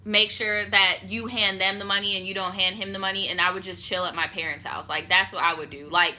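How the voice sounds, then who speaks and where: Young woman host, bright and punchy, animated and petty storytelling with lots of swearing. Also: medium pitch, fairly quick. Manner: animated, petty and profane, laughing asides. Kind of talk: casual chat reading viewer stories.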